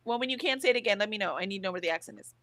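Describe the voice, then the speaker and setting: A woman's voice: mid-range voice, rapid-fire, dry recording, studio quality. A woman hosting a casual livestream from home, reading out chat comments and chatting with a laugh. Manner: chatty, lively, laughs often. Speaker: livestream host. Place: home, in bed.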